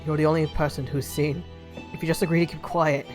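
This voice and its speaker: A woman's voice: sits low, little pitch movement, brisk, close to an everyday voice. A woman voicing a desperate imprisoned young man who pleads urgently. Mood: pleading. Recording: game music playing behind.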